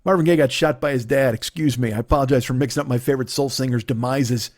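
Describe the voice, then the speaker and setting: A man in his forties ranting in a profane podcast monologue, agitated, sometimes dropping to a mutter and then rising to a shout. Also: medium pitch, quick pace, no room sound, clean studio sound. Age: 40s. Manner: agitated, swearing, swings between muttering and shouting. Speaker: podcast host.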